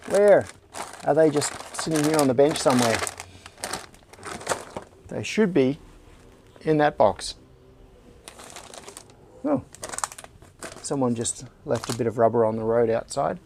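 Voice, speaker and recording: A man's voice: mid-range voice, measured pace, gravelly, pauses often. A man hosting a live stream, chatting casually and muttering to himself while he searches a workshop clean room. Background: rustling anti-static bags and clicks.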